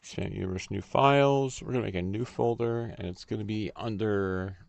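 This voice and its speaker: A man hosting a casual livestream, thinking aloud in a halting, unhurried way while he works on cards. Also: fairly low pitch, vocal fry, dry recording. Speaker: stream host.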